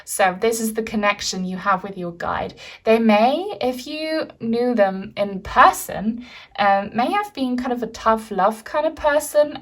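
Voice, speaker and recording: A woman giving a pick-a-card tarot reading in a gentle, rambling way, with many fillers and soft laughs. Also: mid-range voice. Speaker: tarot reader.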